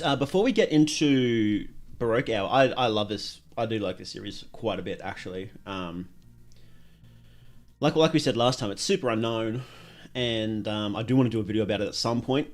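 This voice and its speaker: A man, chatting casually on a livestream, rambling with many fillers and restarts. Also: on the low side.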